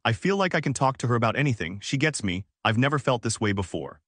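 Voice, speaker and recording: A man's voice: mid-range voice, sing-song, quick pace, fairly bright tone, dry recording, studio quality. A man voicing a guilt-ridden husband who speaks in a hesitant, subdued way. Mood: confessing.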